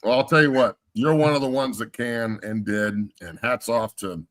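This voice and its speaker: A man's voice: medium pitch, moderate pace, a bit bright. A middle-aged man hosting a podcast and coaching football, telling stories bluntly with plenty of swearing and giving heartfelt praise. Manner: blunt, profane storyteller. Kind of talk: casual chat.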